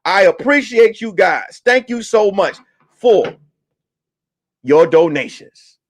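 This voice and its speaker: A man hosting a comedy talk stream, ranting loudly and profanely about the news. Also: high-pitched, slow pace. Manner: loud, animated, profane ranting. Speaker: comedian host. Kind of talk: comedic commentary.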